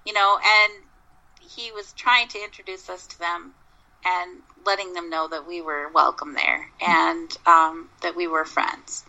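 A woman's voice: on the low side, steady tone, moderate pace, bright, forceful tone, lo-fi sound. A woman from Minnesota, a Bigfoot researcher, telling long rambling stories in a casual interview. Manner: rambling, with many restarts and fillers.

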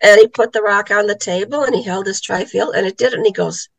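A woman's voice: mid-range voice, fast, gravelly, no room sound, low-quality recording. A middle-aged woman, an author and psychic medium, telling a story in a casual interview and acting out the voices she quotes.

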